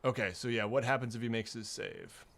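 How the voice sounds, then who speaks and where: A man running a tabletop game as game master, unhurried and hesitant with many fillers. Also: medium pitch, gravelly, fairly bright tone.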